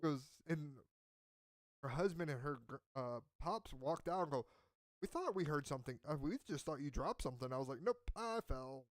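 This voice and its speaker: A man's voice: a little high, lively intonation, normal speed, no room sound. A man in casual chat who tells a rambling story and acts out what people said. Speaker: podcast host.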